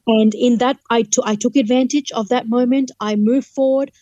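A woman's voice: fairly high pitch, fairly even intonation, moderate pace, mellow, no echo, highs cut off. A woman from Fiji, a human rights lawyer telling her faith testimony as a guest, earnestly acting out the dialogue. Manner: earnest, vivid storyteller who acts out dialogue. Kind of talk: testimony storytelling in an interview.

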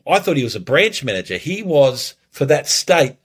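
A man preaching as a pastor, telling a story earnestly before communion, lively when he retells it. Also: a little high, moderate pace, husky.

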